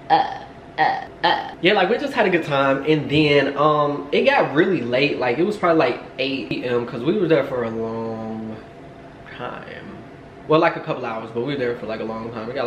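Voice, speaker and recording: A young man telling a rambling story to camera, full of fillers and asides. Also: on the high side. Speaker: storytime vlogger. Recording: echoey room, faint background hum.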